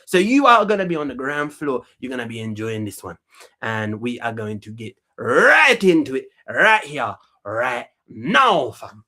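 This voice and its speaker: Boastful man with a lively voice. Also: medium pitch, a little slow. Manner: boastful, slangy, rambling. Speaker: comedic talk show host. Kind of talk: comedic monologue in character.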